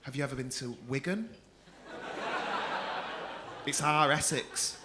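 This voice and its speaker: A Mancunian man from North West England does stand-up crowd work in a comedy club, teasing audience members, swearing a lot and laughing through his own jokes. His voice sits in the mid-range and he takes it slowly, with background noise present.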